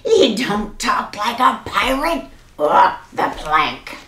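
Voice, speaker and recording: A woman voicing a gruff, bossy male pirate captain who bellows in pirate slang in a children's storybook reading. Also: medium pitch, big pitch swings, slow, bright, forceful tone, reverberant, heavily acted. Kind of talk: storybook read-aloud for children.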